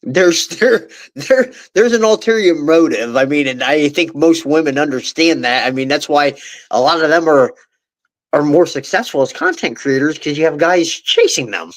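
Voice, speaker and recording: A middle-aged man talks casually as a podcast guest, making blunt points and laughing often. His voice sits a little higher than usual for a man. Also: animated, moderate pace.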